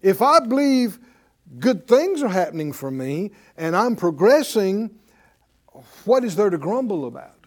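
A man's voice: high voice, very animated, a little slow. A man preaching a sermon, who keeps quizzing his listeners with "Huh?". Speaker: preacher and Bible teacher.

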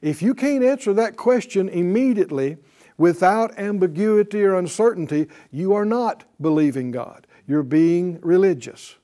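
A man's voice: high voice, animated, normal speed, warm tone. A man teaching a Bible class in a sermon style, emphatic and repetitive, often putting questions to the class.

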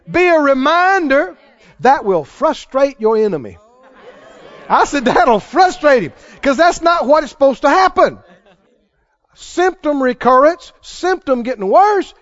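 A man's voice: extremely high pitch, no room sound. A man preaching a sermon, emphatic and quizzing the congregation, with laughing asides. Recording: dull dry sound.

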